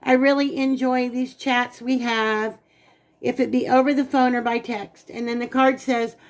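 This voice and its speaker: A woman co-hosting a casual unboxing vlog, gushing and talking straight to her viewers. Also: high voice. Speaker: channel co-host.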